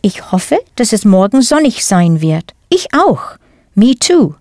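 A woman teaching a language lesson in a clear, careful scripted delivery, spelling out words as she goes. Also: medium pitch, big pitch swings, measured pace, darkish tone, no room sound, studio quality.

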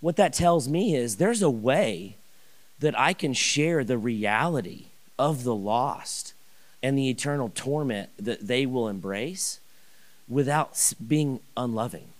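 An animated male pastor tells a personal story in a sermon, rambling with restarts and asides. His voice has an ordinary middle pitch, and he often rushes and speaks louder when he gets excited.

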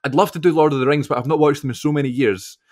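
A man hosting a podcast, talking in a relaxed, rambling way. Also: a little high, very fast. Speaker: podcast host. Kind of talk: casual chat.

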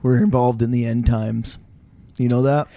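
Deadpan, teasing man on a podcast. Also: medium pitch, moderate pace, no echo, studio quality. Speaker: podcast co-host. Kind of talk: casual banter.

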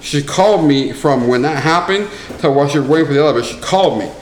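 A young man on a casual podcast, telling a story in an animated way with lots of crude slang. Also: fairly high pitch, quick pace. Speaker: podcast co-host. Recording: echoey room with faint noise.

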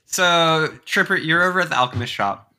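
A man narrating as game master of a tabletop game, lively and joking. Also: fairly high pitch, moderate pace.

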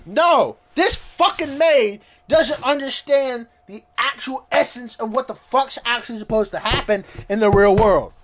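A man reading a story aloud and ranting about it in excitable, profane commentary. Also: very high voice, measured pace, few pauses. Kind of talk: ranting read-along commentary.

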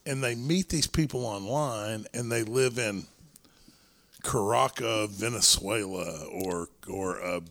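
A man co-hosting a podcast, a former wrestler telling stories in relaxed, filler-heavy chat with some swearing. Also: on the low side, slow pace. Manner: laid-back storytelling, profane, filler-heavy. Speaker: podcast co-host.

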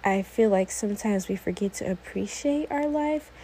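A woman's voice: mid-range voice, expressive, normal speed, warm tone, a little hiss or hum, poor audio. An eighteen-year-old woman hosting her own podcast, talking alone in a rambling, easily sidetracked way, full of "like"s. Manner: rambling, often sidetracked, many "like"s. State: a little emotional, teary. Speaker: podcast host. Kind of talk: casual solo podcast monologue.

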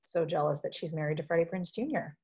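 A woman's voice: sits low, fast, dark tone, breathy edge. A woman co-hosting a podcast in casual chat, talking with plenty of fillers like "like". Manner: chatty, with lots of fillers like "like". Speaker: podcast co-host.

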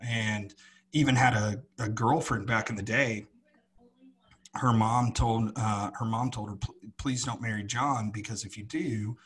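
A man's voice: fairly low pitch, steady tone, a little slow, a bit bright, husky. A man co-hosting a podcast, talking in an earnest, reflective way with many restarts. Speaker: podcast co-host. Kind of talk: casual conversation.

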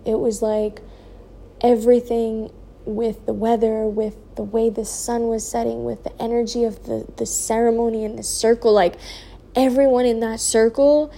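A young woman casually telling a personal story on her vlog, sleepy and yawning, her speech slow and drawn out and full of "like" and soft trailing asides. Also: a little high, level tone, gravelly, slight background noise. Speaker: vlogger sharing a personal story.

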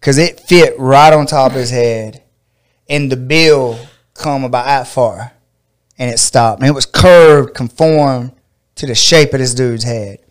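A man's voice: a little slow, clear, resonant tone. A middle-aged man from Georgia, hosting a casual chat and telling a funny story with laughter. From Georgia, USA. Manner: animated, laughing, acts out quotes in a high voice. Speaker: podcast host and fight coach.

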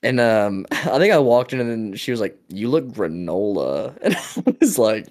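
A man's voice: medium pitch, big pitch swings, moderate pace, darkish tone. A young man co-hosting a casual podcast, telling a story in a laid-back way with lots of fillers and laughs. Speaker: podcast co-host. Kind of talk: casual chat.

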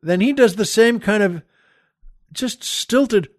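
A man's voice: high voice, slow, no echo, clean studio sound. A man hosting a show, telling a comic story in an exasperated, rambling, incredulous way. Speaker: podcast host.

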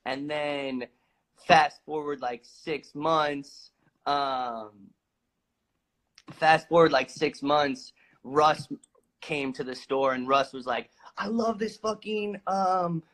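A man casually telling a long, animated story, swearing freely and acting out the lines he quotes. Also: mid-range voice, slow, pauses often, rough recording.

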